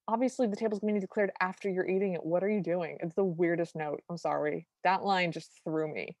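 A woman's voice: fairly low pitch, fairly even intonation, quick pace, a little mellow, dry recording. A woman co-hosting a podcast, recapping a cartoon in a wry, detailed, opinionated way. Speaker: podcast co-host. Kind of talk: casual chat recapping a film.

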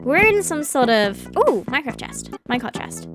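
A British woman streaming a video game, chatting excitedly, laughing and squealing often. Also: high voice, normal speed, over music. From Britain. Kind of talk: gaming commentary.

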